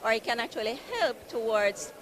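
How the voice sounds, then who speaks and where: A woman representing a building society at a conference marketplace booth, pitching savings and mortgages in an upbeat, persuasive way. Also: moderate pace. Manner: upbeat, persuasive, repeats easy and convenient. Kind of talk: sales pitch at an expo booth. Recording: noisy conference floor.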